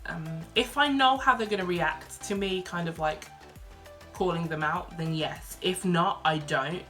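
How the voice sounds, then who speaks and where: A young woman from Birmingham with a softened Brummie accent, chatting casually through a Q&A vlog, reading each question aloud and answering with lots of ums and likes. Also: lowish voice, unhurried, faint music behind. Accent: Birmingham English, softened. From Birmingham, England. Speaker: vlogger.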